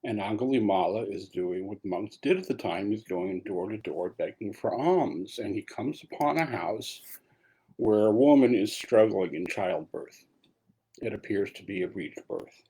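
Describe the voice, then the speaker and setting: A man's voice: fairly low pitch, a little slow, mellow, slightly rough. A man giving a dharma talk as a meditation teacher, telling a story in a casual way with asides.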